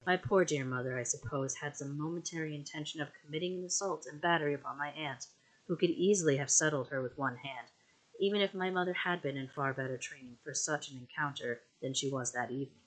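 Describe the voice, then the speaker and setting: Brief: hobby audiobook narrator, steady measured storytelling, home mic. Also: mid-range voice, poor audio. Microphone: home recording mic.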